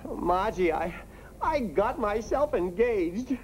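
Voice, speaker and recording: A man's voice: high-pitched, animated, slow, heavy background noise. An actor playing a flustered middle-aged father who stammers through his excuses, in 1950s sitcom style. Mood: sheepish.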